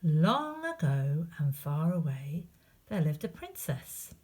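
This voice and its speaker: A woman reading a picture book aloud to children, expressive, with chatty asides to young listeners. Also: sits low, slow, breathy edge. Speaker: storyteller.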